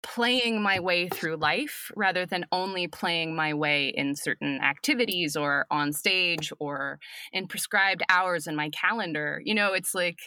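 A woman speaking as an acting professor guest in a reflective podcast conversation, thoughtful and unhurried, with soft laughs. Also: lowish voice, smooth, no room sound.

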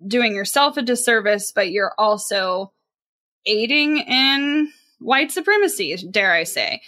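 A woman's voice: fairly high pitch, expressive, a little slow, sharp tone. A woman co-hosting a podcast, talking earnestly and emphatically in casual chat, with frequent filler words. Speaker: podcast co-host.

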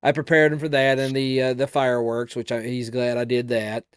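A man's voice: mid-range voice, level tone, clear, resonant tone, no room sound, clean studio sound. A man with a Southern American accent chatting as a podcast co-host, often restarting and repeating words. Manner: halting, repeats words as he talks. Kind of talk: casual chat.

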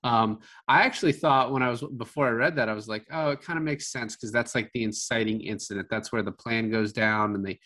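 A man's voice: on the low side, steady tone, fairly quick, few pauses, bright, forceful tone. Rambling man chatting about a film. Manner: rambling, heavy use of filler words. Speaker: podcast co-host. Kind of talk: casual chat about a film.

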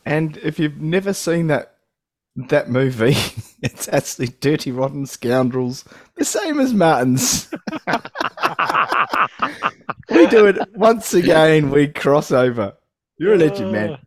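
A man's voice: fairly high pitch, big pitch swings, measured pace, a little mellow, no room sound, clean studio sound. A man hosting a podcast, chatty and laughing often as he talks over films. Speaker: podcast host. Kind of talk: casual chat.

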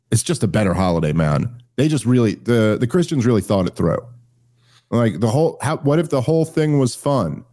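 A man's voice: mid-range voice, warm tone. A man hosting a podcast, chatting about politics in a rambling, joking and profane way. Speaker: podcast host. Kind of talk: casual comedic political chat.

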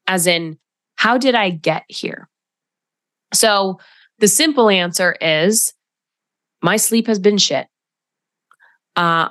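Slow, low-voiced woman coaching on a podcast. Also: a bit bright, dry recording, studio quality. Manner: reflective, coaching tone with frequent "right?". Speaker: podcast host. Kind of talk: solo podcast monologue.

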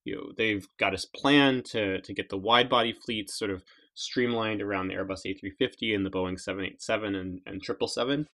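A man's voice: fairly low pitch, fairly even intonation, brisk, a bit bright. A man co-hosting a podcast, speaking casually with many fillers and repeated words. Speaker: podcast co-host. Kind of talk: casual chat.

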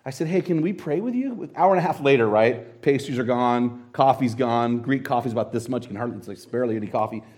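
Animated American man preaching a sermon. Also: medium pitch, fast, hardly any pauses. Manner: storytelling, animated and conversational, quoting scripture. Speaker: pastor.

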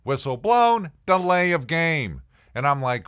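A man's voice: a little high, big pitch swings, measured pace, fairly bright tone, clear, resonant tone, no room sound, dull audio. A man telling a self-mocking comic story about his past, with punchy asides. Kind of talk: comedic storytelling monologue.

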